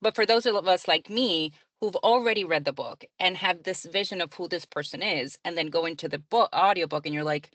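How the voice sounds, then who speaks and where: A woman's voice: on the low side, brisk, few pauses, a bit bright, no echo. A woman who narrates audiobooks and works as a librarian, answering interview questions in a chatty way, often laughing and using fillers.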